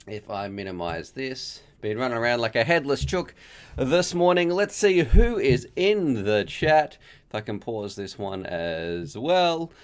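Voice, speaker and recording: A man's voice: mid-range voice, sing-song, a little slow, clear, resonant tone. An Australian man with a mid-range voice hosts a casual live stream. He's chatty and upbeat, thinking aloud as he goes.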